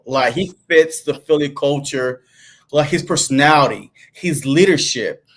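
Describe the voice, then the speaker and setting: A man's voice: on the high side, unhurried, a bit bright. A man co-hosting a sports podcast in a laid-back, casual chat style, dropping fillers like "man" and "bro". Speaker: podcast co-host.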